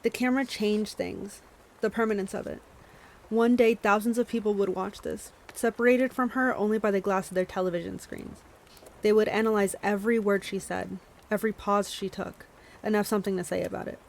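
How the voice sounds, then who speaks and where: A woman's voice: medium pitch, steady tone, a little fast, gravelly, poor audio. Woman streamer reading a novel aloud. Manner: reads with small stumbles and self-corrections, chats to viewers between passages. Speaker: streamer hosting a book club.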